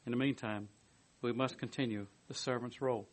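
In a mid-range voice and at a slightly quick pace, a preacher reads a commentary during his sermon and adds his own comments. His manner is lively, moving back and forth between emphatic and hushed.

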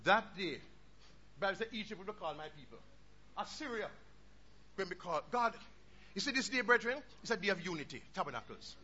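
High, bright-voiced preacher. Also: male voice, expressive, a little fast, long pauses. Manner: fervent preaching, swinging from low asides to shouted peaks. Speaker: pastor. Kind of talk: sermon. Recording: dull lo-fi recording with faint noise.

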